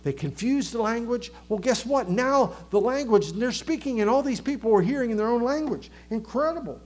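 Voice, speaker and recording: Man, Southern American accent, preacher, sermon, high voice, animated, loud-to-hushed swings. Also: brisk. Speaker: pastor.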